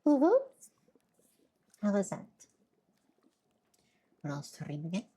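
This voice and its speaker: A woman's voice: low voice, a little slow, dark tone. A woman streamer chatting casually through a game, talking while she eats. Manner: chatty, talks while eating. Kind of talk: casual let's-play chat.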